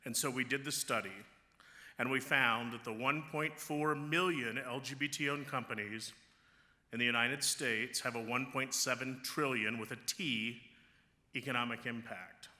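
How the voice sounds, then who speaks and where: Man, chamber leader at a gala podium, lively joking delivery, bright tone, reverberant ballroom. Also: medium pitch, normal speed. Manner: joking, lively public speaker. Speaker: award recipient, chamber of commerce leader. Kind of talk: award acceptance speech at a gala. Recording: reverberant hall sound.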